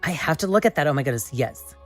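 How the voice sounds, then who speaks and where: A woman hosting a live stream, chatting casually and excitably with viewers as she builds, often exclaiming and laughing. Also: sits low, fast, faint music behind. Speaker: livestream host.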